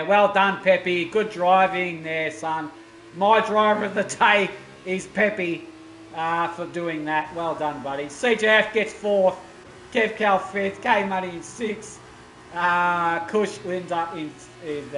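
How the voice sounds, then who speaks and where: A man commentating a sim racing stream, getting loud and excited at the action. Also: a little high. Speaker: esports race commentator. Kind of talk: live stream race commentary. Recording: roomy with faint noise.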